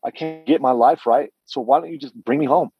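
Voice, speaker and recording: A man's voice: medium pitch, brisk, lo-fi sound, faint music behind. A middle-aged man giving a candid personal testimony, telling his story earnestly with frequent restarts and quoted dialogue.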